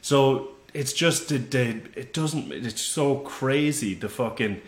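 A man co-hosting a podcast, telling stories in casual, profane chat and jumping high when he mimics people. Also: slow pace. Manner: animated storytelling, jumps high for quoted voices. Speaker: podcast co-host. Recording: roomy echo.

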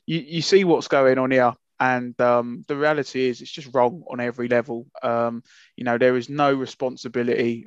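A man's voice: medium pitch, no echo. A man co-hosting a casual podcast, talking in an impassioned, emphatic way with many fillers and restarts. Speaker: podcast co-host. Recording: muffled lo-fi, dry sound.

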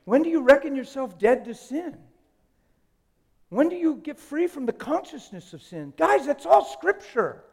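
High-voiced preacher in echoing hall. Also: male voice, sing-song, unhurried. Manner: emphatic, swings from hushed to loud; jokes with the congregation. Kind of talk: live sermon. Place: church hall.

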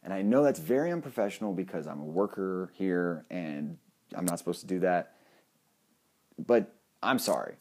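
A young man telling a funny personal story in a casual, animated way, cracking jokes and swearing now and then. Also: low voice, moderate pace.

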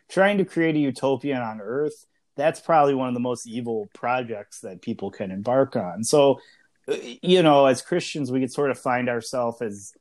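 A man's voice: mid-range voice, darkish tone. Man in his early thirties, chatty podcast co-host. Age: early 30s. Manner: conversational, frequent fillers and restarts. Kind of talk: casual podcast discussion.

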